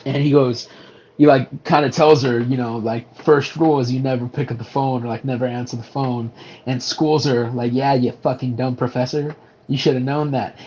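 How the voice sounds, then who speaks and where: A man's voice: mid-range voice, dull audio. A man co-hosting a casual movie review podcast, rambling through the plot with many restarts and swearing. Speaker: podcast co-host.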